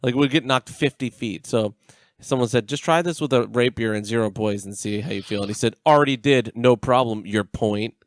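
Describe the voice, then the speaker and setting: A man's voice: mid-range voice, steady tone, brisk, dry recording, clean studio sound. A man co-hosting a casual podcast, telling an online argument story with laughs and swearing. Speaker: podcast co-host. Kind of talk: casual chat.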